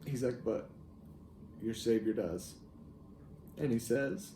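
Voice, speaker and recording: A young man telling a personal family story in a halting, reflective way, with soft laughs. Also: mid-range voice, slight background noise. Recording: echoey room with faint ambience.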